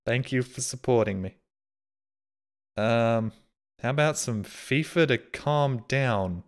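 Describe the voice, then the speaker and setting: A man's voice: medium pitch, takes it slowly. A man streaming live, reading out viewer donations and messages in casual, self-mocking, sarcastic banter.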